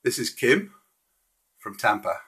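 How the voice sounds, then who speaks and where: A man's voice: mid-range voice, very animated, slow pace, pushed and bright, breathy edge. A man hosting a casual live stream, walking through slides in a friendly, hesitant way with frequent restarts.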